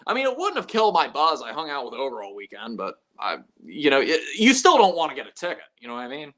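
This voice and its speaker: A man's voice: medium pitch, huge pitch swings, fast talker, fairly bright tone. A man hosting a live stream, casually telling stories to his chat, swearing freely and acting out both sides of conversations.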